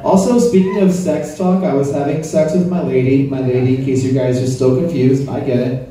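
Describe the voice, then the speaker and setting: In a club stand-up set, a man speaks briskly in a steady, dark, mid-range voice, crude and conversational as he ribs the audience. The recording sounds distant and roomy, and crowd laughter comes through.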